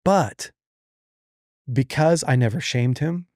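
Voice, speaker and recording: A man's voice: medium pitch, slow, dry recording. A man in his forties hosts a podcast and tells a family story in easy, casual chat. His voice sits in the middle range, and he livens things up by acting out the people he quotes. The sound is dry and close. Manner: animated, acts out quoted voices. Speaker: podcast host.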